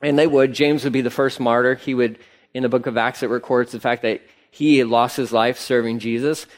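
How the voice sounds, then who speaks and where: A man's voice: medium pitch, fairly even intonation, fairly quick. A man preaching a sermon in a church, talking conversationally with playful asides. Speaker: pastor. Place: church sanctuary.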